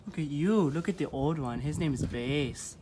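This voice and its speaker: A man's voice: a little high, moderate pace, background noise. A man vlogging at a ranch, chatting and cooing to goats, recorded on a phone outdoors. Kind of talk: casual vlog. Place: outdoors at a ranch by a goat pen.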